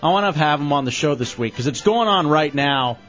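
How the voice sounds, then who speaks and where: A man hosting a radio show in casual, animated banter, quick to tease and laugh. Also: a little high. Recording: dull lo-fi radio recording with faint music.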